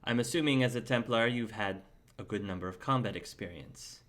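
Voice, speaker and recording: A man's voice: medium pitch, a little fast, a bit bright. Man running a tabletop game. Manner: casual, with frequent fillers. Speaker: game master. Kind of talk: narrating a tabletop audition game.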